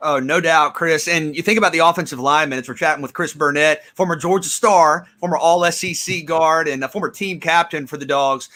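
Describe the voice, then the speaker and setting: A man hosting a sports talk show, briskly introducing his guest and asking pointed questions. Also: a little high, sharp tone. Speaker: host.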